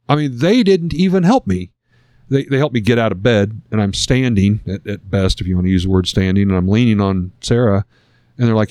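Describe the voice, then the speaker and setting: A middle-aged man sits for an interview and talks through a personal story in an earnest, reflective way. His voice sits a little low, and the sound is dry and close, with no room around it. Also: lively intonation, normal speed, warm tone, dry recording. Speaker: guest sharing a personal story. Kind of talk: conversational storytelling.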